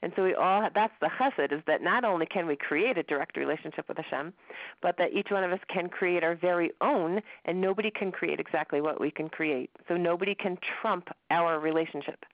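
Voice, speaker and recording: A woman's voice: on the low side, fairly quick, no echo. A woman teaching a religion class in a conversational, joking manner. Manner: conversational, with jokes and laughter. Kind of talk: class lecture. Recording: dull, dry audio.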